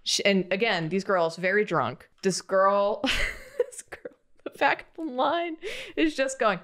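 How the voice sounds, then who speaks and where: A woman's voice: mid-range voice, unhurried, a bit bright. A woman from Long Island telling a funny story in a casual chat, laughing as she goes. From Long Island, New York. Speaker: show regular, artist.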